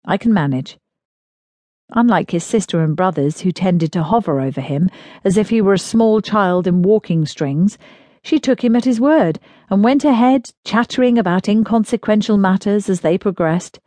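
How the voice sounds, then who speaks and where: A woman narrating an audiobook in a smooth, even storytelling manner, close to the mic. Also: medium pitch, normal speed, no room sound. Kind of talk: scripted narration of a period romance.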